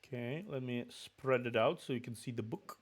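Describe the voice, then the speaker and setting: Here a medium-pitched man talks at a moderate pace, with a slight Russian accent and a slightly sick sound. He's setting up a stream to read a book, rambling casually with frequent restarts and muttered asides.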